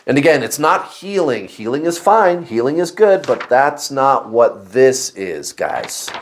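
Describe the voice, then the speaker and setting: A man hosts a spiritual video, sharing a personal story with viewers in a casual, confessional way punctuated by animated outbursts and exclamations. His voice is mid-range and measured in pace, with slight background noise.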